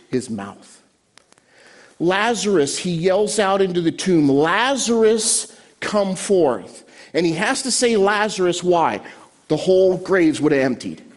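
A man preaching a sermon from a church stage, animated, with dramatic pauses and quiet emotional drops. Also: on the high side. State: choked up. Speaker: pastor.

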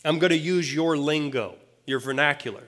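A man with a somewhat high voice preaching a sermon. He talks to his listeners in a plain-spoken, conversational way and drops casual asides as he explains the scripture. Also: moderate pace, a bit bright. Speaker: pastor.

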